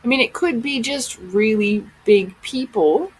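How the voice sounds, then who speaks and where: Woman, vlogger, unhurried talk, exclaims in amazement, casual photo commentary. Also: a little high, husky, rough recording.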